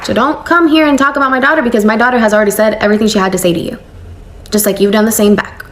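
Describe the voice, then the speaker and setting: A young woman recounting a family conflict in a casual storytime vlog, animated and slangy, acting out the quoted lines. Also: on the high side, racing.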